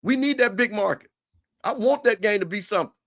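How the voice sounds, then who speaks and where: A man hosting a casual livestream, trash-talking in an animated way with stammered restarts. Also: high-pitched, fairly quick. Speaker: show host.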